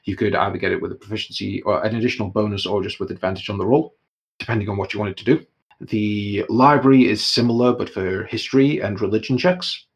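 Low gravelly game master. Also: male voice, fast talker. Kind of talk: running a tabletop game, explaining rules.

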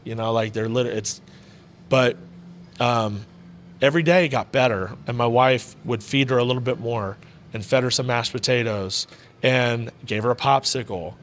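A man's voice: medium pitch, moderate pace, a bit bright, a little hiss or hum. Candid man telling a personal story. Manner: candid, rambling, peppered with "you know" and "bro". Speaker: podcast guest, combat sports ring announcer. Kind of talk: casual heartfelt storytelling. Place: indoor VR arcade he owns.

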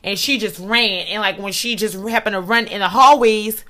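A young woman telling a story in an animated, profane and loud manner. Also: medium pitch, normal speed. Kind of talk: casual storytelling.

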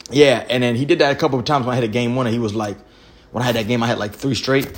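A man's voice: mid-range voice, rapid-fire, a little hiss or hum. A man co-hosting a podcast, retelling a pickup basketball game in casual, profane slang. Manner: animated storytelling, profane slang. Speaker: podcast co-host. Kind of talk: casual chat.

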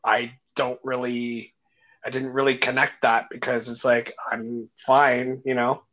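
This young man's medium-pitched voice stays level and a little bright as he talks unhurriedly on a casual podcast. He rambles through long stories, swears freely and does voices for the people in his anecdotes.

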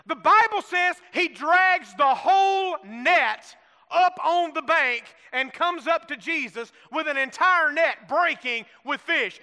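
High bright-voiced preacher in a reverberant hall. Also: male voice, expressive, measured pace. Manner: preaching with call-and-response prompts; folksy humor, acts out the disciples' lines. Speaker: pastor. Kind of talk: sermon.

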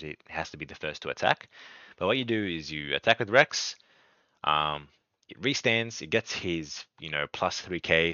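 Low-voiced man, rambling podcast host. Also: sharp tone, dry recording. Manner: rambling, many ums and restarts. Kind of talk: casual card game strategy talk. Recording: dull lo-fi dry sound.

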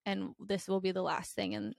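A woman's voice: mid-range voice, fairly even intonation, moderate pace, gravelly, dry recording, clean studio sound. A young woman hosting a podcast, talking in a candid, blunt way with lots of fillers. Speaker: podcast host. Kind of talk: casual chat.

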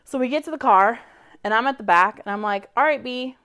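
A woman's voice: fairly high pitch, fairly quick, smooth. A woman co-hosting a podcast, telling a story in casual chat, exasperated, swearing freely and acting out quoted lines. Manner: animated, acts out quoted dialogue, swears freely; exasperated venting. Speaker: podcast co-host.

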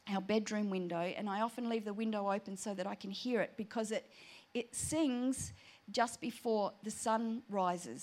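A woman telling a personal prayer story in an animated, chatty sermon. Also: medium pitch. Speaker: preacher.

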